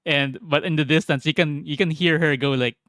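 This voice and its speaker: A man's voice: fairly high pitch, steady tone, fairly quick, a bit bright, no room sound. A man vlogger telling a travel story casually, laughing often and swearing.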